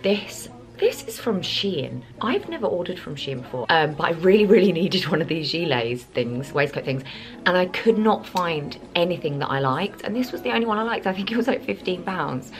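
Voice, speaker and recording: Low-voiced British woman vlogging. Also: sing-song, normal speed, soft background music. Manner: chatty, rambling, with many ums and likes. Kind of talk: casual vlog chat to camera.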